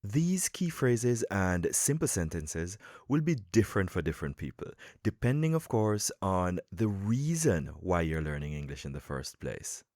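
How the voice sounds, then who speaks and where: A man hosting a podcast lesson for English learners, explaining in a calm, measured way with emphatic pauses. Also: low-pitched, dry recording, clean studio sound. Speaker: podcast host and English coach.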